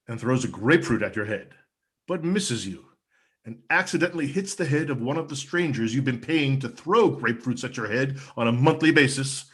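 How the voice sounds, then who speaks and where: A man delivers a spoof commercial pitch with a dry, formal, mock-earnest delivery. His pitch moves in lively swings across each sentence. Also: slightly rough. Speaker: comedian performing a mock ad. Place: home video stream.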